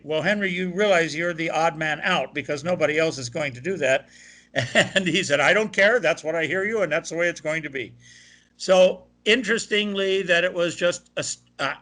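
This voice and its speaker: An older opera tenor from Ohio, USA, appears as a guest in an interview and tells stories. His bright voice sits a little high for a man, and his long, animated anecdotes quote the people he met along the way.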